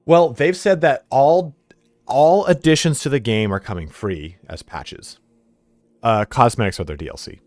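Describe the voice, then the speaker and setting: A man's voice: medium pitch, a little slow, darkish tone, no echo. A man streaming a game live, chatting casually with viewers and laughing often.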